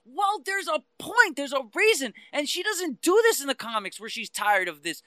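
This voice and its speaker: A man talks fast and fired up, swinging between heated outbursts and quieter stretches of explanation. His voice has a bright, tense edge. The sound is dry and close. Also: very high voice, dry recording. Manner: passionate, ranting, animated about comics. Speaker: podcast co-host. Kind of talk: casual chat.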